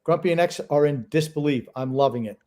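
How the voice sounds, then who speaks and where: A podcast co-host with a slightly higher-than-usual, dark-toned voice talks sports a little fast on a casual show. He's blunt and opinionated, swearing freely and pushing his arguments hard.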